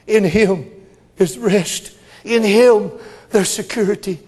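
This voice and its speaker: A man preaching a revival sermon, swinging between shouting and hushed whispers. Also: high voice, slow pace, breathy edge, long reverb tail. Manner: addresses congregation members as brother. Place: church.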